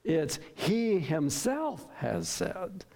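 A man's voice: high-pitched, very animated, drawn-out words, creaky, a little mellow. A man preaching a sermon, emphatic and stressing words by repeating them, often asking his listeners questions. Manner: asks the congregation questions. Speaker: pastor.

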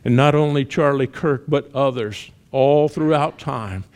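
A male preacher delivering a sermon in a middle-pitched voice. He tells a story with rising intensity, shouting out its cries, then drops to hushed, earnest appeals. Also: unhurried.

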